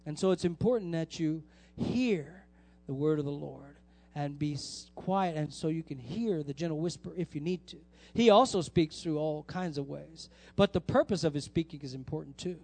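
A man's voice: a little high, normal speed, creaky, darkish tone, no room sound. A male pastor preaching a sermon to his congregation, emphatic and repeating key lines for effect. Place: church sanctuary.

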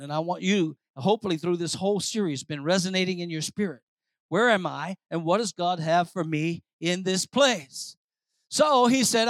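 A man preaching a sermon, calling for responses and swinging from soft asides to loud exhortation. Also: high voice, no room sound, studio quality. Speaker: pastor.

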